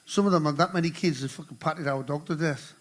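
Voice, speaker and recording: On stage at a live charity concert, an older musician acting as host rambles and jokes between songs. He talks fast in a slightly high voice, swearing and bantering with the crowd.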